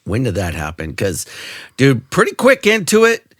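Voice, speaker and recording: A man's voice: medium pitch, moderate pace, no echo, clean studio sound. A middle-aged man hosting a casual interview podcast, telling stories and acting out quoted dialogue. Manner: animated storyteller, acts out quoted dialogue. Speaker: podcast host.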